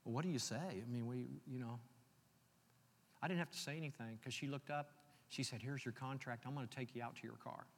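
A man preaching a sermon, reading scripture slowly and telling personal stories in a conversational way. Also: mid-range voice. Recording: long hall reverb.

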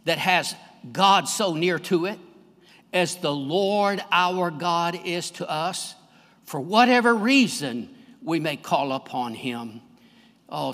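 A man preaching a fervent sermon as pastor, swelling louder on his key phrases. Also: fairly high pitch. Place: church sanctuary. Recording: long reverb of a large hall.

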